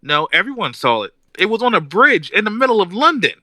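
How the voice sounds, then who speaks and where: Man, podcast co-host, animated ranter; bright, tense, slightly high voice, dry close mic. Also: a little fast, no room sound. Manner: animated ranting, mimics characters mid-story. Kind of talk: casual chat.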